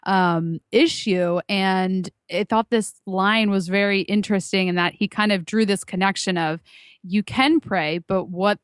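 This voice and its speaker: Brief: smooth, lower-pitched female co-host, thoughtful and earnest, dry studio sound. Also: steady tone, unhurried, no room sound. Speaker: podcast co-host. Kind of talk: casual fan discussion.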